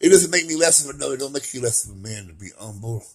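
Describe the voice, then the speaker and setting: A man in his late forties talking casually at home, swinging between loud, laughing outbursts and soft, low musings. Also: lively intonation, fast talker, slightly rough. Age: 40s. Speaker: vlogger. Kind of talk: casual rambling monologue. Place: at home lying in bed by an open window.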